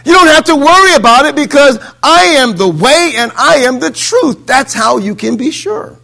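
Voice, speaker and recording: A middle-aged man and pastor preaching a sermon with animated delivery, quoting voices and laughing, swinging between loud emphatic declarations and quiet low asides. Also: normal speed, gravelly.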